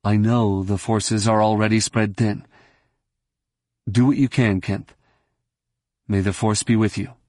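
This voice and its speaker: A man plays a steady middle-aged leader in a lowish, even voice. He speaks measured and earnest, read close with a dry, dead sound. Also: no room sound, lightly acted. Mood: urgent.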